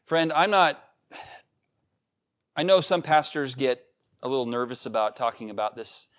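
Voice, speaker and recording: A man's voice: mid-range voice, animated, normal speed, fairly bright tone. A man preaching a sermon as pastor, talking casually to the congregation and growing emphatic when he reads scripture. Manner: conversational preaching, rising to emphatic scripture reading.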